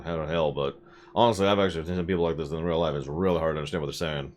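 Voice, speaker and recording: A man streaming a video game, rambling and joking as he plays, often jumping into high mock voices. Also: steady tone, racing, slight background noise. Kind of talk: casual gameplay commentary.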